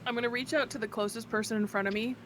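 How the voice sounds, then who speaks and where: A woman's voice: on the high side, steady tone, racing, noisy background. A woman playing a tabletop game, blunt and teasing in casual chat. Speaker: player.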